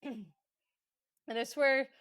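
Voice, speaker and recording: A woman's voice: sits high, steady tone, very slow, fairly bright tone, dry recording, studio quality. A woman hosting a podcast, casually recapping a book in a chatty, irreverent way, swearing and laughing along. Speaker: podcast host.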